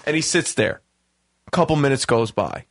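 A man's voice: mid-range voice, expressive, normal speed, fairly bright tone. A man hosting a radio talk show, telling a profane story in casual chat and acting out the quotes with laughs. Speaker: host.

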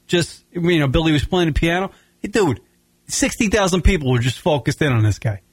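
A man's voice: a little high, brisk, breathy edge, dry recording. A man from Long Island hosting a casual comedy radio show, rambling and swearing as he tells stories. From Long Island, New York. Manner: profane, rambling, animated storytelling.

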